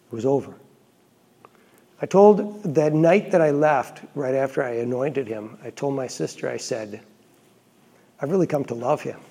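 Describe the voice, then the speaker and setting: Gravelly, husky priest telling a story. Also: male voice, mid-range voice. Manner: earnest, reflective storytelling with quiet asides. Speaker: Catholic priest. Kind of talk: storytelling homily.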